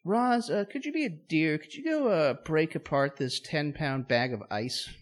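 A man's voice: a little high, lively intonation, moderate pace, voice pushed up, natural voice. A man putting on a fussy, bossy posh man who gives prissy, condescending orders.

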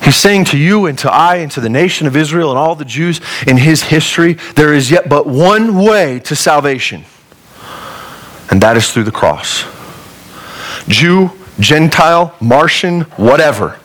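A man from Colorado preaching a sermon as a pastor, earnest and conversational, with humorous asides and wide swings in pitch and loudness. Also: lively intonation, measured pace. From Colorado, USA.

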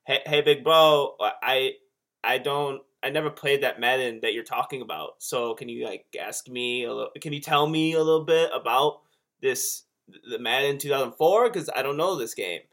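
A man's voice: mid-range voice, moderate pace, a bit bright, close to an everyday voice. A man doing a hesitant younger guy. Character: young male fan asking big bro about a game.

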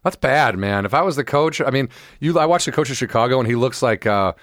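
A man co-hosting a casual podcast, rambling excitedly about sports and now and then bursting into loud impressions. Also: mid-range voice, quick pace, dry recording, studio quality. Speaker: podcast co-host. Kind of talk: casual chat.

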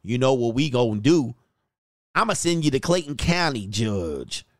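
A man voicing a bigoted, menacing old small-town judge who taunts in a slow drawl. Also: mid-range voice, very animated, no echo, studio quality, natural voice. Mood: taunting. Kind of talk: mock role-play on a livestream.

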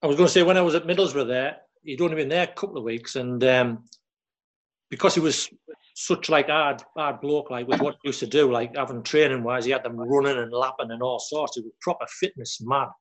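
A man, a former footballer who tells stories haltingly, repeating words and quoting others. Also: mid-range voice. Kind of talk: casual storytelling chat.

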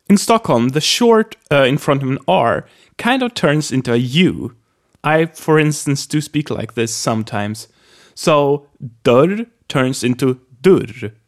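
A man from Sweden, a native Swedish speaker, teaching a pronunciation lesson with careful enunciation and repeated example words. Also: mid-range voice.

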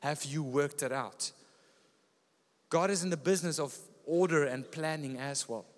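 A fairly high-voiced man preaches a sermon, telling stories in a lively way. His voice rings out in a church hall with a long echo. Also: normal speed. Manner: lively storytelling preacher, often laughing. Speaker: pastor.

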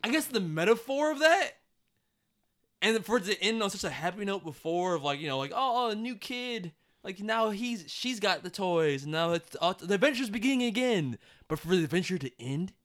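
A young man co-hosting a casual podcast, excitable and laughing often, swearing freely. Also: high voice, moderate pace. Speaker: podcast co-host.

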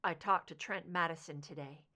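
A woman reader voicing a grieving adult son, speaking low, subdued and halting. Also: sharp tone. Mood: somber.

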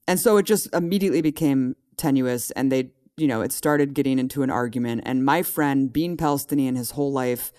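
Podcast guest: man, animated storyteller, mid-range voice, casual chat. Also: mid-range voice. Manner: animated storytelling, rising to exasperated emphasis.

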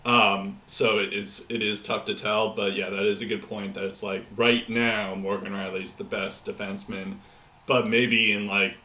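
Male podcast co-host, chatty and halting, sharp lowish voice, roomy echo. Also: flat delivery. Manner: rambling, many fillers and restarts, laughs often. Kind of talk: casual hockey podcast chat.

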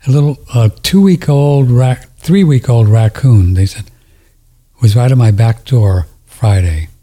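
A man's voice: mid-range voice, unhurried, mellow. A man telling a story in a casual chat on a studio mic, rambling, emotional and tender, often laughing.

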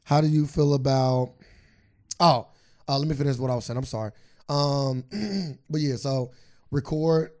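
A man speaks earnestly in casual podcast talk, hedging and restarting as he works through his thoughts. His pitch sits in the middle for a man. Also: unhurried, darkish tone. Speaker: podcast co-host.

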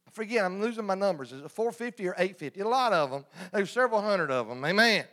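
Preacher, male, very high and bright voice, folksy sermon with call-and-response humor. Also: expressive, fast.

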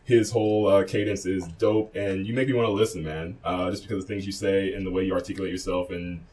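A man's voice: sits low, flat delivery, quick pace, a little mellow, recorded from a distance. A man co-hosting a casual podcast from a studio, rambling and teasing. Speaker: podcast co-host.

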